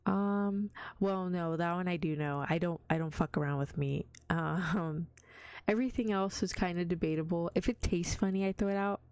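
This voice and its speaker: Whispery, gravelly-voiced woman in whispered role-play. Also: fairly low pitch, moderate pace, darkish tone, dry recording. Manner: chatty storytelling, giggly, slipping into whispers. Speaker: vtuber streamer.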